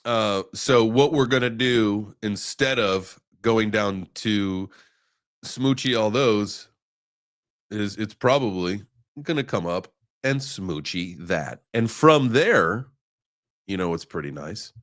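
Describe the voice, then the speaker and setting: A man's voice: fairly low pitch, expressive, takes it slowly, a bit bright. A man hosting a live crypto trading show, chatting casually and joking sarcastically with viewers as he rambles through charts. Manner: joking, sarcastic, addresses chat viewers by name; rambling with many fillers while reading charts. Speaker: crypto livestream host. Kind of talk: casual live market chat.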